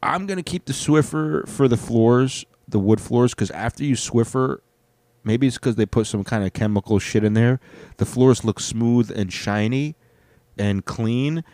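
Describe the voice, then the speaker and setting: A man's voice: mid-range voice, a little slow, mellow, no room sound. Rambling, profane male podcaster. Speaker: podcast host. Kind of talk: solo comedic podcast rant. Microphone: headphones on, podcast mic.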